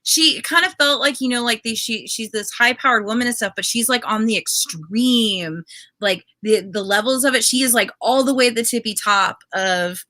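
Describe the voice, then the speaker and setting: A woman's voice: a little high, moderate pace, pushed and bright, dry recording. A woman co-hosting a casual book chat, giving blunt, exasperated opinions with some hesitation. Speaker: co-host.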